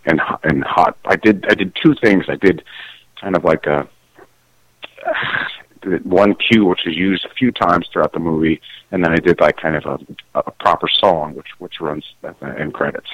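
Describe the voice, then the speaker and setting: Very deep-voiced man, halting and tongue-tied. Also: no echo, low-quality recording. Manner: halting, full of restarts and fillers, self-conscious laughs. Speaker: musician guest. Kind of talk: casual interview.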